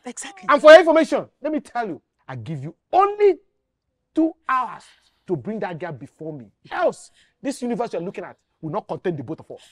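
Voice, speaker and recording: A woman's voice: mid-range voice, sing-song, brisk, no echo, clean studio sound. An actress with a Nigerian accent playing a haughty rich married woman who orders people around with scorn. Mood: threatening. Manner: commanding, scornful.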